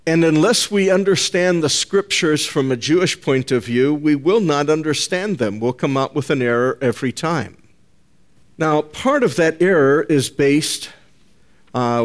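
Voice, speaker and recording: "Folks" is how this preacher, whose voice is on the high side, addresses his congregation. His sermon is deliberate and emphatic, with key phrases repeated.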